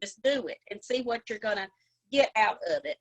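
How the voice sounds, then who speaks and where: This sales director, a middle-aged woman, speaks a little fast in a medium-pitched, expressive voice, her Southern drawl coming through a low-quality recording. She keeps her video-call sales training chatty and folksy, with plenty of laughter.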